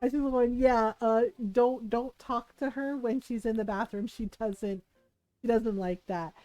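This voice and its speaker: A woman from the Philippines telling personal stories on a live stream, animated, laughing often and acting out what others said. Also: a little high, a little slow, no room sound, low-quality recording. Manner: animated, laughs often, acts out quoted voices. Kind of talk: casual storytelling to a live stream.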